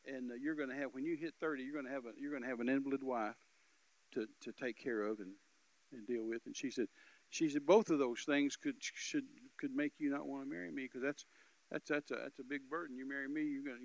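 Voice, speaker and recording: An older man preaching, telling a story and acting out both voices with rising, loud peaks. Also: mid-range voice, steady tone, fast talker, poor audio. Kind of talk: sermon storytelling.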